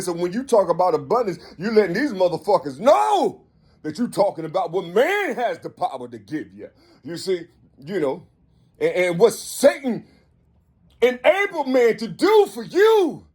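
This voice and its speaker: Husky man in his fifties preaching rambling. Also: high voice. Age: 50s. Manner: rambling, repetitive, profane, builds to shouts. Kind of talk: rambling spiritual monologue.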